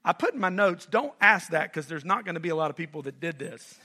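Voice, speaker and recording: A middle-aged man from North Carolina preaching a sermon as pastor, animated and conversational, asking the congregation questions and joking with them. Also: fairly high pitch, quick pace, slightly rough.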